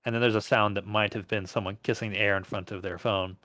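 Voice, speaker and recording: A man's voice: on the low side, fairly even intonation, fast talker, sharp tone, dry recording. A man hosting and reading aloud an interactive story game, casual, stumbling over words and laughing along.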